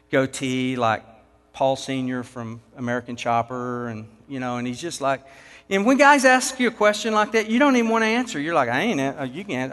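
A man's voice: medium pitch, a bit bright. A man preaching a sermon, telling a folksy work story with casual, down-to-earth phrasing. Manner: folksy storytelling with acted quotes. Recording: long hall reverb.

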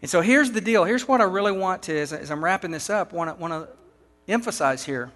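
A man's voice: sits high, lively intonation, fairly quick, fairly bright tone. A man with a Texan accent preaching a sermon to church leaders, driving his points home with rhetorical questions. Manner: emphatic, rhetorical questions to the audience. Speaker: pastor. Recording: long hall reverb.

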